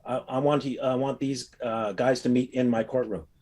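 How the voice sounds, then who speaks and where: A man voicing a calm, dignified older male judge who speaks firmly and with authority. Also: mid-range voice, normal speed, close to an everyday voice.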